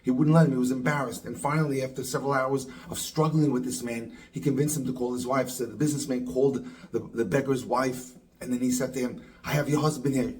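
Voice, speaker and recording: Rabbi telling a moral story. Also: male voice, mid-range voice, brisk, low-quality recording. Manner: animated storyteller acting out quoted lines. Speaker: rabbi and dating coach.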